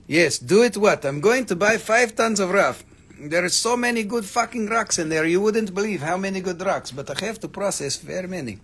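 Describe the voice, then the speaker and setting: A man's voice: sits high, a bit bright, slightly rough. A man hosting a live rock-selling stream, rambling casually, swearing freely and calling out prices to viewers.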